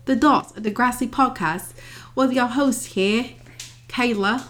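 A woman's voice: fairly high pitch, a little slow, fairly bright tone. A woman hosting a podcast with her younger sister, chatting casually and teasing her. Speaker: podcast co-host. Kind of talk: casual chat.

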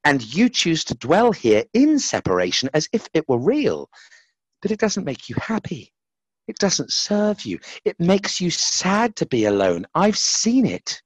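A man's voice: on the high side, huge pitch swings, slightly rough, no echo, pitched above the performer's own voice, exaggerated voice. A man voicing a sad, patient God. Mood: gently insistent. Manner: slow, gentle and questioning.

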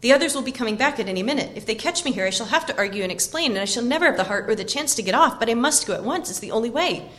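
A woman's voice: a little high, animated, very fast, hardly any pauses, a bit bright. A woman reading a novel aloud and voicing a resolute, kind young male hobbit who speaks firmly. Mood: urgent.

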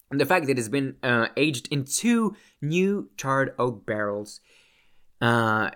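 A man in an easygoing chat, mid-pitched and casual. He rambles, trips over his words and restarts often, and tosses in a swear word here and there. He talks close to the mic. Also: a bit bright, clear, resonant tone. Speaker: whiskey vlogger.

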